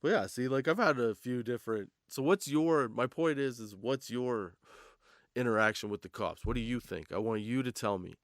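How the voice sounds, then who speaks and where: A man's voice: mid-range voice, moderate pace, dry recording, clean studio sound. A young man hosting a comedy podcast, telling a story casually, laughing often and swearing freely. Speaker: podcast host.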